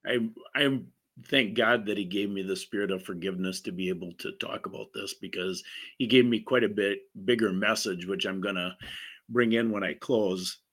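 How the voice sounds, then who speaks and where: A man hosting an interview, speaking in an earnest, deliberate way. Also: fairly low pitch, fairly bright tone. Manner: earnest, deliberate, faith-based talk. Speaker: podcast host. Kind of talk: conversational interview.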